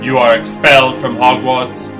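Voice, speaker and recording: A man's voice: mid-range voice, little pitch movement, moderate pace, over music, natural voice. A man putting on a stern, cold British wizard professor, speaking in a clipped, commanding way. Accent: put-on British.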